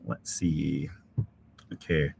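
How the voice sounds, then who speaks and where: A middle-aged man with a low, easygoing voice chats with viewers on a live stream, filling his sentences with uhs and ums as he reads their comments. He sounds relaxed and unhurried. A faint hiss sits under his voice. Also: gravelly. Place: outdoor winter camp in severe cold.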